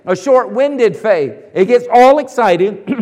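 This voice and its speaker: A man preaching with a high, ringing voice, driving his points home with loud bursts and then dropping to hushed asides. His sermon rolls out through a long reverb, as if filling a large church sanctuary. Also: lively intonation, takes it slowly. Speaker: pastor.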